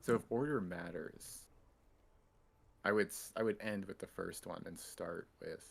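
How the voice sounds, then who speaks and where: Casual streamer, low husky male voice, offhand chat with faint game music behind. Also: measured pace. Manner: casual, offhand, swears freely. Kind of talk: casual gaming commentary. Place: home streaming setup.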